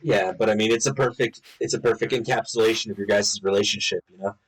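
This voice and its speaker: A man's voice: on the low side, steady tone, quick pace, breathy edge, low-quality recording. Laughing, swearing man reminiscing. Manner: laughs often, swears, mimics friends' voices in anecdotes. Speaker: co-host of a gaming channel. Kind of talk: casual memorial chat among friends.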